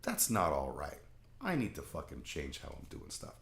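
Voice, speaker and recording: A man's voice: extremely low pitch, wildly swooping pitch, moderate pace, creaky, fairly bright tone, roomy sound. A man from Canada talking candidly in a rambling, casual monologue, swearing freely. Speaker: vlog host.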